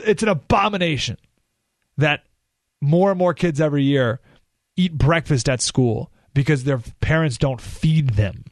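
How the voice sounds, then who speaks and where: A man's voice: on the high side, no room sound, studio quality. Emphatic male talk radio host. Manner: emphatic, ranting, sarcastic asides. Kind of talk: political talk radio monologue. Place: radio studio. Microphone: studio microphone.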